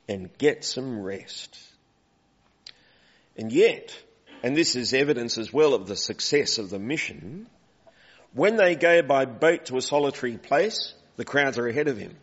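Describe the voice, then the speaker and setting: A man preaching a conversational sermon in a church, asking the congregation questions and calling for volunteers. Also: medium pitch. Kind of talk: interactive sermon. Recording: dull recording with long hall reverb.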